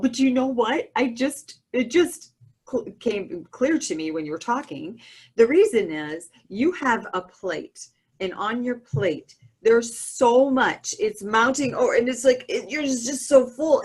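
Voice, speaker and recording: Woman, fairly high husky voice, lively, easygoing podcast co-host. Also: unhurried. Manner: easygoing, laughs between thoughts. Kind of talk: casual chat.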